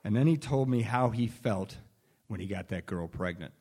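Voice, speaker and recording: Sharing his recovery story openly, a man pokes fun at himself, keeps starting sentences over, and laughs now and then. His voice is fairly low and mellow with a breathy edge, moving at a normal speed.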